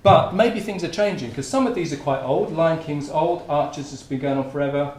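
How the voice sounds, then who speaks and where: An academic with a voice on the high side and a darkish tone moves a little fast through an informal conference talk. The roomy lecture hall adds faint ambience.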